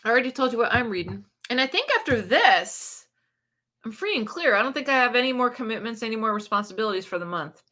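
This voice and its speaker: A woman with a bright, forceful voice hosting a relaxed livestream. She chats loosely, laughs a lot and answers viewer comments as they come in. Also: fairly high pitch, quick pace. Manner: chatty, laughs often, reads viewer comments aloud. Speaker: book channel host. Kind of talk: casual livestream chat.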